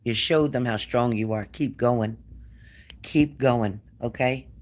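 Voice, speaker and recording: A man giving a spirit-medium reading to a client, gentle and coaxing, repeating his phrases. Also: mid-range voice, slow pace. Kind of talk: reassuring psychic reading to a client.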